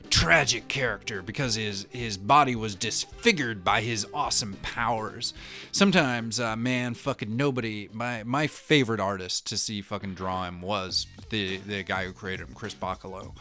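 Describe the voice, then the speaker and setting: A man in his thirties with a lowish voice talks through a casual comic-book monologue, swearing constantly and breaking off mid-sentence. A little music plays faintly behind him. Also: sharp tone. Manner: rambling, heavy swearing, self-interrupting. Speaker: host.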